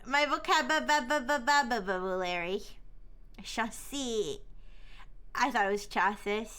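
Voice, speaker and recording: A woman's voice: a little high, a little slow, fairly bright tone, clear, resonant tone. A young woman chatting casually on a livestream, answering chat messages and giggling often.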